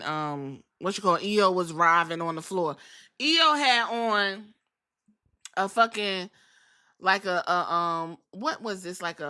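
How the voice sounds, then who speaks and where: A woman hosting a podcast, recapping wrestling in animated, profane storytelling. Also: medium pitch. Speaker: podcast host.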